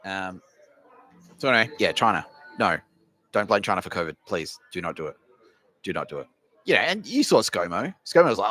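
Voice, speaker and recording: A man's voice: low voice, very animated, fairly quick, long pauses, fairly bright tone. Profane rambling Australian man. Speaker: podcast host. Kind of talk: ranting comedy monologue.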